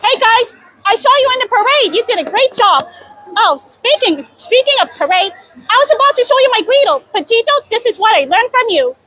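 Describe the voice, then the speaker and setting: A woman's voice: very high voice, sing-song, fairly quick, bright, forceful tone, dry recording, a faint crowd. A young woman vlogging in a giggly, gushing way. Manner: giggly and gushing, with frequent laughs. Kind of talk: excited theme-park vlog chat. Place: outdoor theme park.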